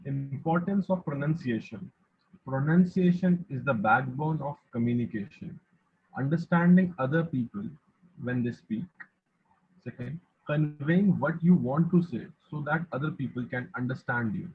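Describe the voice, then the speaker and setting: Raspy man on a tinny line. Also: mid-range voice. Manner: measured, list-like reading. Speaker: student. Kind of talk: reading a prepared presentation aloud.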